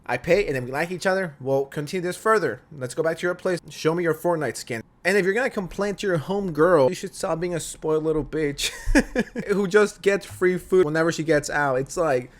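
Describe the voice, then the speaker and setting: A man's voice: a little high, fairly quick, few pauses. Blunt, profane young man reacting to a clip. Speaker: reaction video host. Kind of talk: casual commentary.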